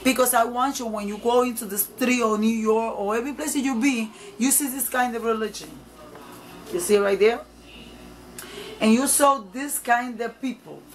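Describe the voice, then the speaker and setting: A woman's voice: a little high, normal speed, slight background noise, rough recording. A woman evangelist preaching informally to camera, emphatic and repetitive, in nonstandard English.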